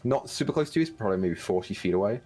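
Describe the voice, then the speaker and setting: Casual game master with a lively voice. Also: male voice, fairly low pitch, very fast, faint music behind. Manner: loose, casual, with many fillers. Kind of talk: narrating a tabletop game.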